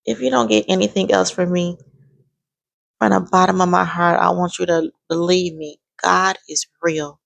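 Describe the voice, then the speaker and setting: A woman's voice: on the low side, fairly even intonation, moderate pace, vocal fry, dry recording. A woman in her forties sharing an emphatic, heartfelt faith testimony in a vlog. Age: 40s. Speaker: vlogger.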